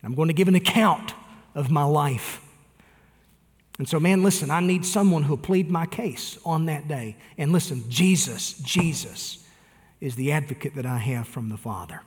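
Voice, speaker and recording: A man's voice: fairly high pitch, normal speed. Earnest male preacher in a reverberant hall. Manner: earnest preaching with direct appeals to listeners. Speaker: pastor. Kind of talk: sermon.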